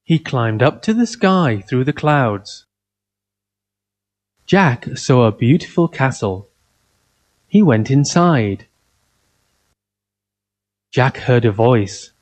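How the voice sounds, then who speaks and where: Slow, careful male storyteller. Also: mid-range voice. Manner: simple, even sentences, read aloud carefully. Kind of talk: scripted fairy-tale narration for children.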